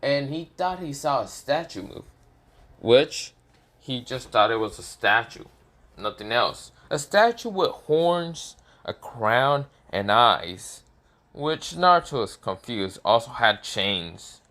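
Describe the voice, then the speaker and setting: A man's voice: medium pitch, big pitch swings, slow pace, a bit bright. A man casually narrating an improvised fan story, rambling with fillers and self-corrections.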